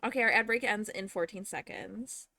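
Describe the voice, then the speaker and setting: A woman's voice: mid-range voice, normal speed, creaky, pushed and bright, dry recording. A young woman hosting a livestream at home, chatting and ranting casually with frequent swearing, a little out of breath. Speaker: livestream host. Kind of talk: casual chat to viewers.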